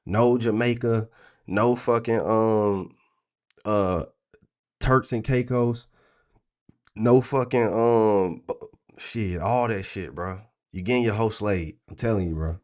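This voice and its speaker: A man hosting a livestream, talking in a blunt, crude, animated rant full of profanity. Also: on the low side, takes it slowly, pauses often. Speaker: trading stream host.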